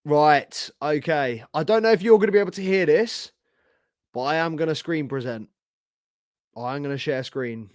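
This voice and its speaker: A young man hosting a live football reaction stream, casual and sweary, his voice hoarse from shouting. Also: a little high, moderate pace, no room sound, studio quality. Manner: casual, sweary, slangy, talks to chat. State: losing his voice. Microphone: streaming setup with camera.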